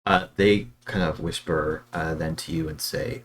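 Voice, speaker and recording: Low-voiced man running a tabletop game, halting, filler-heavy narration. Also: fairly even intonation, a bit bright, a little hiss or hum. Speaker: game master.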